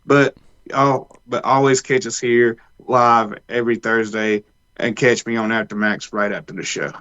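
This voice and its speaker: A man's voice: mid-range voice, steady tone, a little slow, a bit bright, highs cut off. A man co-hosting a podcast, rambling loosely with frequent restarts. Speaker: podcast co-host. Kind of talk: casual chat.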